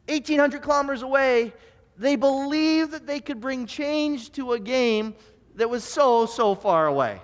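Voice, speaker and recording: Brief: male pastor with a very high voice, animated storyteller, church hall reverb. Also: moderate pace. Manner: animated storyteller who stammers and repeats words. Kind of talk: sermon. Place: church sanctuary.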